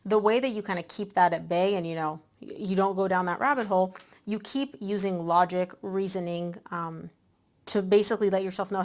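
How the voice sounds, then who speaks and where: Woman tarot reader, medium pitch, breezy and talkative, slightly winded. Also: a little fast. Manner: chatty, animated, with many "like" and "um" fillers. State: a bit out of breath. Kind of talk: casual tarot reading to camera.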